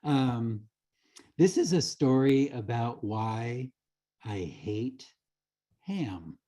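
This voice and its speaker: Very slow, mellow-voiced man storyteller. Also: mid-range voice, animated. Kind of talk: personal storytelling.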